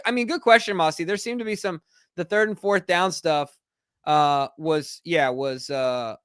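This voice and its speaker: A man co-hosting a casual sports show, congested and quick to get worked up. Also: high voice, fairly bright tone, no echo, studio quality. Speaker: sports podcast co-host.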